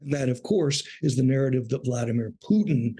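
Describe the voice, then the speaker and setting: A man's voice with a grainy, breathy edge, pitched in the middle of the male range. He speaks as an interview guest, thoughtful and measured, and sometimes repeats a word as he gathers his thoughts. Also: dark tone. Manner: measured, thoughtful, with small restarts. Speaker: guest, former foreign correspondent. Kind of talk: reflective interview talk.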